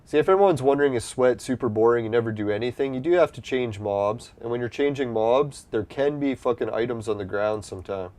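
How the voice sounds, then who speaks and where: A brisk, mid-range male voice, a little mellow, with few pauses. The gameplay streamer keeps up loose, profane, easygoing commentary as he plays an online game, sounding slightly congested from allergies.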